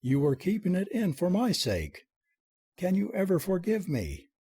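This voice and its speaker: A man's voice: high-pitched, huge pitch swings, normal speed, warm tone, husky, voice pushed up, full character voice. A man reading aloud and voicing a passionate young woman who gushes and wails in a storybook. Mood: wailing. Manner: gushing, wailing and breathless.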